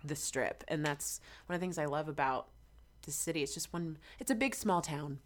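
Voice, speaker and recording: A young woman from Georgia chats as a guest singer, slightly low in pitch. She tells her stories animatedly, slipping into quoted asides. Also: normal speed, a little hiss or hum. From Georgia, USA. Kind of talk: casual interview chat.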